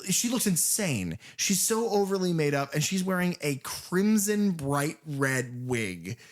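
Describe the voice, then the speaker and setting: Animated, profane male podcast co-host. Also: a little high, measured pace. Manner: animated, profane, acts out movie scenes. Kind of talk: casual film review chat.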